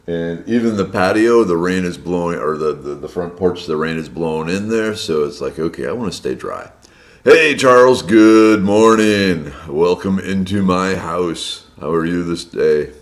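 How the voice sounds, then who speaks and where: Slightly hoarse man hosting a live stream. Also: low voice, unhurried. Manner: friendly, chatty, greets viewers by name. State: slightly hoarse from a long day of loud speaking. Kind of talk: casual live-stream chat greeting viewers. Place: indoors at his home.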